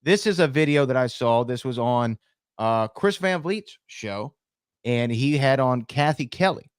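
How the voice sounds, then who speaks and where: A man's voice: mid-range voice, animated, a little slow, clean tone, no room sound, studio quality. A man co-hosting a podcast, casually setting up clips with plenty of ums and uhs. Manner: conversational, introduces clips with fillers. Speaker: podcast co-host. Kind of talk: casual chat.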